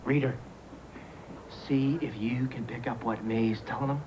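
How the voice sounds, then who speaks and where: A man doing a low-key barfly talking to his dog, background hiss. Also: steady tone, unhurried, lightly acted. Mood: murmuring. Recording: noisy old videotape broadcast.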